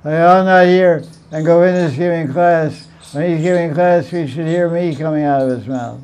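Smooth-voiced man giving a devotional class. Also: fairly high pitch, moderate pace. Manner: animated storytelling, repeats phrases, laughs. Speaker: spiritual teacher.

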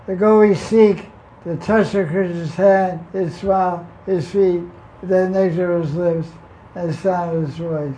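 A man reading a devotional text aloud and then adding his own informal commentary, unhurried and often repeating words as he goes. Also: high-pitched, steady tone, dark tone, a little hiss or hum, low-quality recording. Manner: unhurried, repeats words and restarts, homely examples. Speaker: spiritual teacher reading and commenting on scripture.

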